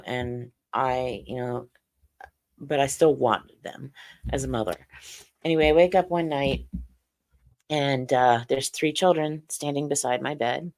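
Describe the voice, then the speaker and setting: A middle-aged woman telling her personal story as an interview guest, halting and earnest, with many "you know"s. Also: very deep voice, darkish tone. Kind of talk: personal account in a podcast interview.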